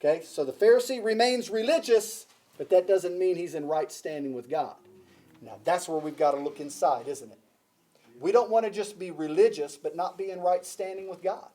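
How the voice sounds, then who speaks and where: A man's voice: high voice, moderate pace, mellow. A man preaching a sermon to a congregation, emphatic, repeating key phrases and asking the listeners questions. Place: church before a congregation.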